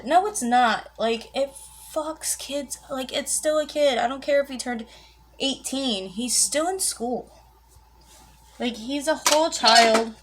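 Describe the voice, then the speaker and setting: A woman's voice: high-pitched, unhurried, a bit bright. Chatty, profane young woman vlogger. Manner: chatty, profane and exasperated, lots of "like" and "blah blah". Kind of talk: casual chat retelling a movie while getting ready.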